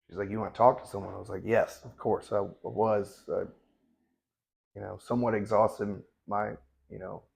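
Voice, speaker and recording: A man's voice: on the low side, vocal fry. A man in his thirties, a veteran Navy corpsman, telling his story bluntly and matter-of-factly, with frequent restarts. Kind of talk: candid conversational storytelling.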